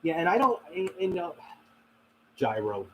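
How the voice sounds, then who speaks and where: A man's voice: on the high side, expressive, moderate pace, slight background noise, poor audio. A man hosting a casual live stream, reading and answering chat, rambling with many fillers and frequent laughs. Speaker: paranormal channel host reading live chat.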